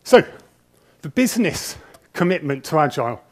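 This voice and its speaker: A man's voice: on the high side, very animated, moderate pace. A nervous man giving a conference talk on stage into a handheld microphone, telling stories in a chatty, self-deprecating way with frequent restarts. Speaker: conference speaker. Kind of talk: conference presentation, anecdotal storytelling.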